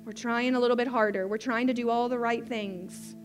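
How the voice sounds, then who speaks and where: A woman preaching a sermon in a gentle, unhurried way. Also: on the high side, steady tone, music in the background. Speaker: pastor.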